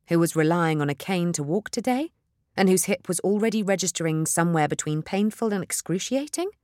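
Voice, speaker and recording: A woman narrates an audiobook from a script in a measured, even storytelling manner. Her voice sits low, and the studio-quality recording has no echo.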